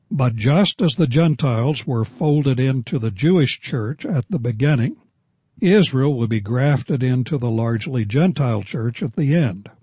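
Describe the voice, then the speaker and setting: An older man preaches in a husky, mid-pitched voice, slowing down to weigh his key words. The recording is dry and a little muffled, like a radio program. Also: dark tone, no room sound. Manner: measured, deliberate delivery with slowed emphasis. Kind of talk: sermon.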